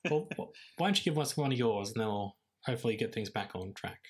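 A man's voice: lowish voice, animated, fast talker, breathy edge. A man co-hosting a podcast in casual chat, hesitant and full of fillers. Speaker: podcast co-host.

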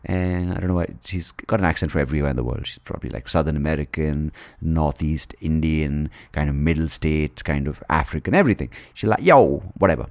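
Rambling, joking man with a gravelly voice. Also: very deep voice, fairly quick, hardly any pauses. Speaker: podcast guest. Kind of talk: comic storytelling monologue.

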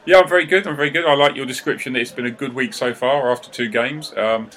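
A man from England joins a football fan podcast as co-host. He talks quickly and teases the host in a dry way. His pitch is mid-range and everyday. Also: fairly bright tone. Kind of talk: casual fan podcast chat.

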